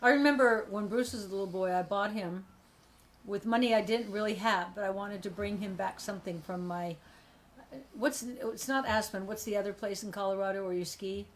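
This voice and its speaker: A woman hosting a relaxed live video, chatting and teasing her co-host with easy laughter. Her voice sits at a medium pitch. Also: normal speed, slight background noise. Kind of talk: casual live-stream chat.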